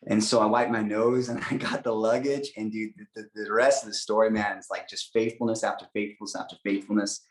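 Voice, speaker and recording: A man's voice: lowish voice, little pitch movement, brisk, few pauses, reverberant, rough recording. A young adult man from the United States, telling an emotional faith story with lots of fillers. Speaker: guest missionary. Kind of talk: storytelling testimony.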